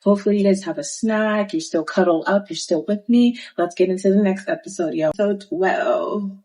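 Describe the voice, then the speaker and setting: A young woman with a mid-range voice briskly recaps a reality dating show in a casual, sassy, slangy way, acting out what the cast said. The recording is low quality.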